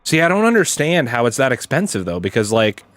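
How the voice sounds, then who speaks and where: Brisk and very animated, a young man with a medium-pitched, somewhat bright voice chats while gaming on stream. He rambles, swears freely, and leans heavily on "like" and "dude".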